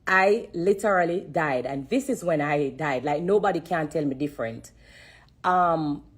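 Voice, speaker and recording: A woman's voice: low voice, animated, measured pace, breathy edge. A woman giving an earnest, emotional testimony on a phone live stream, repeating herself and holding back tears. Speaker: livestreamer sharing a testimony. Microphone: phone on a social-media live.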